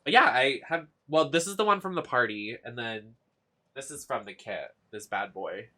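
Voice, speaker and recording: A young man streaming a video game live, chatting casually in an excitable, giggly, gushing way. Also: medium pitch, normal speed.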